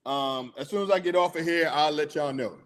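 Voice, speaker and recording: A man's voice: a little high, brisk, fairly bright tone. A middle-aged man hosting a casual sports talk show, chatty and hyped, laughing often.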